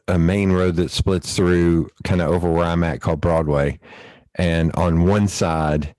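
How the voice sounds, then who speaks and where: A man hosting a podcast, telling family stories in a casual, animated way and laughing often. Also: sits low, no echo, poor audio. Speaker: podcast host. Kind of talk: casual storytelling chat.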